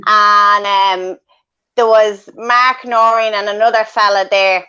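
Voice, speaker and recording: A woman's voice: mid-range voice, fairly even intonation, slow, pushed and bright, clear, resonant tone. Chatty woman, lo-fi sound. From Ireland. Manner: swearing, loose and chatty. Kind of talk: casual chat.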